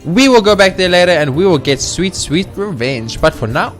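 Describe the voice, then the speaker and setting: A man hosting a let's play, chatting excitably and playfully about the game. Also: high-pitched, normal speed. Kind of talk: gameplay commentary. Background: faint game music.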